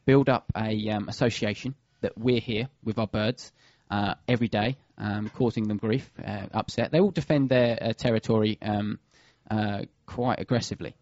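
A man's voice: fairly low pitch, moderate pace, hardly any pauses, darkish tone, no room sound, muffled recording. A man who works as a bird of prey pest controller, talking casually and hesitantly with many fillers and restarts. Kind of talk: casual radio chat.

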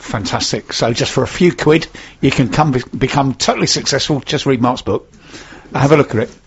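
A man's voice: mid-range voice, brisk, husky. A man co-hosting a casual local radio show, joking with his co-host and reading out listener messages. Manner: jokey, reads listener messages aloud. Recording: dull lo-fi radio studio sound.

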